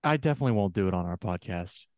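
A man's voice: sits low, lively intonation, very fast, darkish tone, no echo, clean studio sound. A man co-hosting a podcast in casual chat, rambling and trailing off with frequent laughs. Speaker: podcast co-host.

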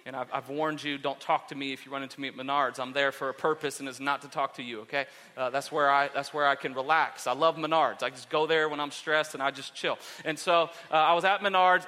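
A man's voice: medium pitch, steady tone, fast talker, hardly any pauses, sharp tone. A man in his thirties preaching a sermon as a pastor, telling jokey stories in a chatty way. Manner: joking, conversational storytelling. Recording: long hall reverb.

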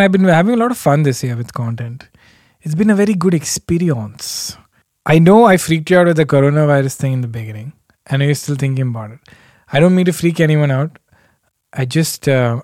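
Chatty man, fairly high voice. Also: darkish tone, dry recording, clean studio sound. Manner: rambling, self-deprecating, chuckles often. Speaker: podcast host. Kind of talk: casual solo podcast chat.

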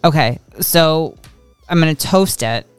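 Smooth-voiced woman co-hosting a chat show. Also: deep voice, expressive, a little slow, no echo, soft background music. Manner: easygoing, hesitant, with fillers and giggles. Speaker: co-host. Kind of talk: casual radio show chat.

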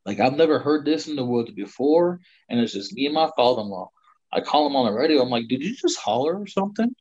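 A man's voice: mid-range voice, expressive, fast talker, darkish tone. A middle-aged man telling a long personal story in casual conversation, rambling with many fillers. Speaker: guest storyteller. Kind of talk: casual spoken hunting story. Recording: slightly dull lo-fi sound.

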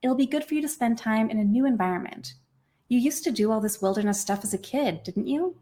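A woman's voice: on the high side, fairly quick, mellow, natural voice. A woman reading aloud, voicing an upbeat, pushy young woman friend who talks cheerfully and coaxingly.

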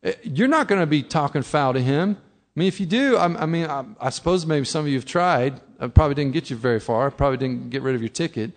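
A man's voice: a little high, quick pace. A middle-aged man preaching a sermon in a conversational way, acting out his listeners' objections. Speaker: pastor.

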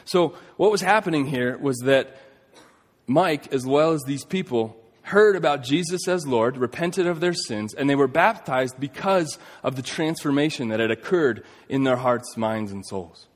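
Guy in his 30s preaching, earnest story, mid pitch, big echoey hall. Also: lively intonation, normal speed. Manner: earnest storytelling, swings between emphatic and hushed. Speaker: pastor. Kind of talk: sermon. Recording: long reverb of a large hall.

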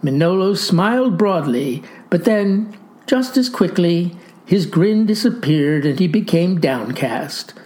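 Woman host, mock-sentimental storybook reading, lower-pitched voice. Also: animated, takes it slowly, mellow. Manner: storybook narration with mock earnestness.

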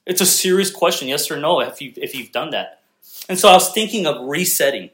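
A young man gives a sermon in a loose, joking style and keeps turning to the congregation. His voice sits a little high for a man. He sounds relaxed and conversational rather than formal. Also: fairly quick. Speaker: pastor.

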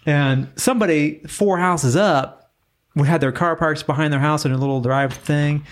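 A man co-hosting a relaxed podcast and chatting with a colleague. He tells stories with energy and slips into the voices of the people he quotes. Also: a little high, moderate pace. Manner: animated storyteller, acts out quoted voices. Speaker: co-host. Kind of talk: casual podcast chat.

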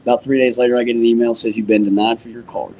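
Speaking very fast in a medium pitch, this rodeo announcer spins stories during a casual interview at a museum, acting out every line of quoted dialogue. The audio is poor, with a little hiss or hum.

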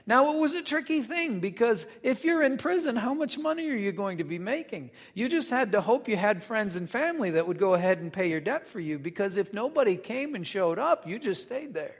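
A fairly high-pitched man leads a Bible study, reading verses and then unpacking them in relaxed, chatty asides. His voice hangs in a long, lingering reverb. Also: brisk, few pauses. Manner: reads scripture then explains in loose conversational asides. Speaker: Bible teacher. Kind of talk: casual Bible study teaching.

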